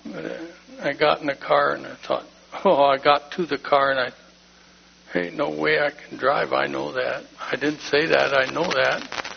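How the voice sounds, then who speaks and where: A man's voice: fairly high pitch, steady tone, moderate pace, slight background noise. A man giving an emotional personal testimony in church, plain-spoken and heartfelt. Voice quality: gravelly, husky voice. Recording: dull lo-fi recording.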